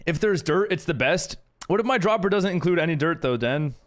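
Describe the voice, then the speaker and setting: A man's voice: fairly high pitch, animated, fairly quick. A man streaming a game live, chatting casually with viewers and friends and reading chat aloud, laughing often.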